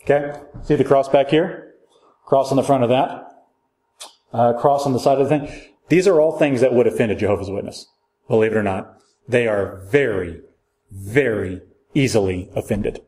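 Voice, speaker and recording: A man's voice: mid-range voice, normal speed, mellow. A man teaching a church Bible class in a casual, joking way, asking his listeners questions as he goes. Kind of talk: conversational Bible class lecture.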